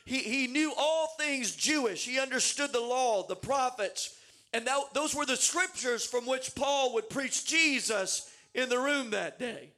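A man preaching a sermon, animated and emphatic, with dramatic swings in his delivery and repeated words as he builds up. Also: extremely high pitch, a little slow.

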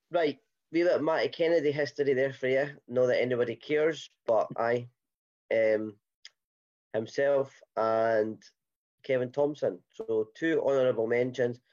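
A man's voice: on the low side, darkish tone, dull audio. A Scottish man hosting a casual football podcast, chatty and rambling with many fillers and restarts. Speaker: podcast host.

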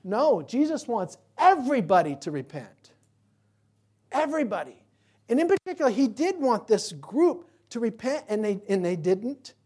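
Male pastor delivering a sermon; emphatic preacher, animated, fond of rhetorical questions. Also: extremely high pitch, moderate pace, husky. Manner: animated, swinging from loud to quiet.

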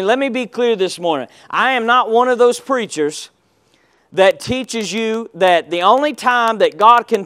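A man with a high voice preaches in call-and-response style. His emphasis rises and falls as he urges the congregation to answer. The sound is dry, with no room echo. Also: fairly bright tone, smooth. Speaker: pastor. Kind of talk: sermon.

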